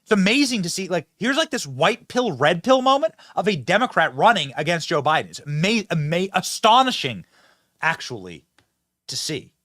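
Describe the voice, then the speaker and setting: A man hosting political commentary, mocking and sarcastic, swinging between loud outbursts and low asides. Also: sing-song, moderate pace, no room sound.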